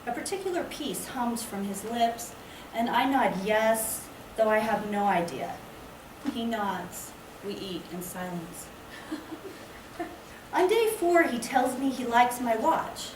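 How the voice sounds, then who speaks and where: Woman poet, unhurried lyrical reading at a library event, echoey far-off sound. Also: a little high, animated. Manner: slow, measured, lyrical delivery. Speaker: poet reading her work. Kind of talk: poetry reading. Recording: echoey room, distant mic, background noise.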